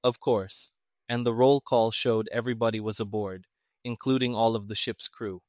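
A man voicing a grumbling male army major who mutters gruffly. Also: fairly low pitch, steady tone, moderate pace, a little mellow, no echo, close to an everyday voice.

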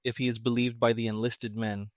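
Man voicing a calm detective, toneless, flat delivery, unhurried, dry close sound. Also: mid-range voice, no room sound, natural voice.

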